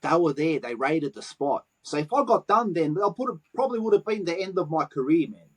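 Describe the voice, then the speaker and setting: A man's voice: fairly high pitch, a little fast, breathy edge. A middle-aged Australian man with a Sydney accent, telling swear-laden street stories in a casual interview. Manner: swears freely, animated anecdotes in street slang. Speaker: guest, graffiti artist.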